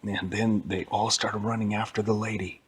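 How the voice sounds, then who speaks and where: A man's voice: lowish voice, moderate pace, breathy edge. A man improvising a bedtime story at home, rambling and correcting himself as he goes. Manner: rambling, self-correcting, animated. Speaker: parent telling a bedtime story.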